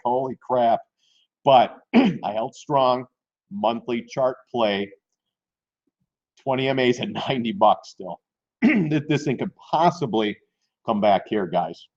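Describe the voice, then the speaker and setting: A man hosting a live stream on stock trading, talking loosely and mocking himself, often clearing his throat. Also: medium pitch, a little mellow, muffled recording. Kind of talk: casual live-stream market commentary.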